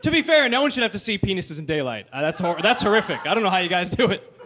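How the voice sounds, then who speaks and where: Guy doing dry stand-up, very high voice, bit of noise in the back. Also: very animated, quick pace, sharp tone. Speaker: stand-up comedian. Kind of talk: stand-up routine.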